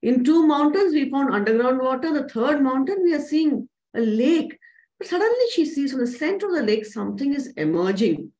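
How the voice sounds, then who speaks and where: A woman narrating a children's story to a young audience in an animated way, asking them questions. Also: high-pitched, moderate pace, low-quality recording.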